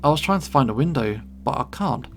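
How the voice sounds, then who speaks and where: A man voicing a scared, jittery young male beast-man who stammers in panic, with soft music behind. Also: medium pitch, animated, brisk, vocal fry. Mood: panicky.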